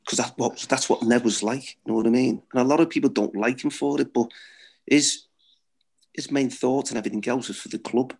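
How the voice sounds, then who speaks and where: Middle-aged ex-footballer, husky voice, blunt and laughing anecdotal guest. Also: male voice, medium pitch, brisk, darkish tone. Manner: blunt, swearing, laughs at own stories. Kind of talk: anecdotal storytelling.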